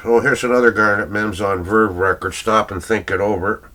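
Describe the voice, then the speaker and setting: A man's voice: fairly low pitch, steady tone, normal speed, fairly bright tone. An older man casually rambling through his record collection, chuckling and searching aloud for names he can't recall.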